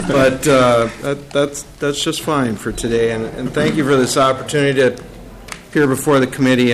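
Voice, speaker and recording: Man, fifties, from Minnesota, folksy halting committee testimony, mid-pitched voice. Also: slight background noise, low-quality recording. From Minnesota, USA. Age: 50s. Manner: folksy, halting, many "uh" fillers. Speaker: state agency commissioner. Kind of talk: testimony at a legislative committee hearing.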